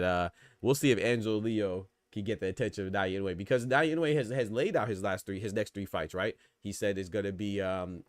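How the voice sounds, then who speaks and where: A man hosts a boxing podcast solo, rattling off takes at a rapid clip in a lowish voice. His delivery is slangy and conversational, peppered with shout-outs to the live chat. The sound is dry and close, with no room around it. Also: no echo. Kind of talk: casual solo commentary reading live chat.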